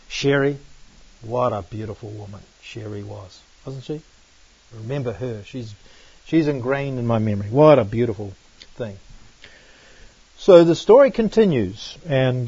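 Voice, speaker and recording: A middle-aged man from New Zealand with a New Zealand accent, preaching a sermon and telling personal stories in an animated way, often exclaiming. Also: medium pitch, slightly rough, dry recording. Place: church. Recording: dull lo-fi recording.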